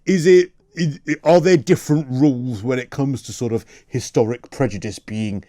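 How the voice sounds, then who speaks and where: A man hosting a radio talk show, asking quick rhetorical questions and stumbling now and then as he pushes a point. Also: mid-range voice, dark tone, no room sound, clean studio sound. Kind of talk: opinion radio discussion. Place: radio studio.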